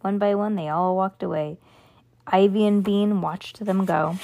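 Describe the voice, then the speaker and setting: A woman's voice: mid-range voice, fairly even intonation, a little slow, creaky, mellow. A woman reading a children's book aloud, who sometimes slips on a word and fixes it as she goes. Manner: slips and corrects words as she reads. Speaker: reader.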